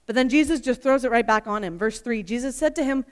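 A woman giving an expressive, emphatic Bible teaching full of rhetorical questions. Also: on the high side, quick pace, clear, resonant tone. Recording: long reverb.

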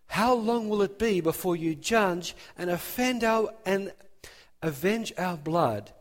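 A man preaching a sermon, emphatic and animated, building his points with rising emphasis. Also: sits high, slow, in a large hall.

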